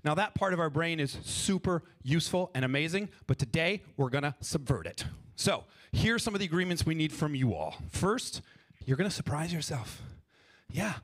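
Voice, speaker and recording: A man leading a live audience through an improv warm-up on a festival stage, playful and energetic, coaching them through each step. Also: a little high, moderate pace. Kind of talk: stage workshop talk with freestyle rap.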